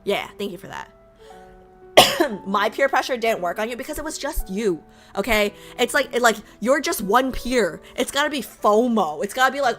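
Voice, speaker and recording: A chatty woman streaming to her viewers, her pitch jumping around expressively. Her tone is bright and forward, a touch raspy, and she keeps repeating little phrases and poking fun at herself. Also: animated, normal speed, faint music behind. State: slightly raspy voice. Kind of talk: casual chat with viewers.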